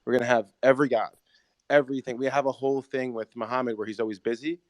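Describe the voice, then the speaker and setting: A man's voice: medium pitch, steady tone, no room sound. A man, a screenwriter and show creator, talking enthusiastically in casual podcast conversation with many fillers. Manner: rapid, enthusiastic, lots of fillers.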